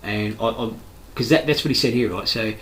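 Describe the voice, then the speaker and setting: A man's voice: fairly low pitch, fairly quick, low-quality recording. A man with an Australian accent, a construction worker delivering a rambling, heated, profane monologue full of restarts. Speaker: construction worker giving his views.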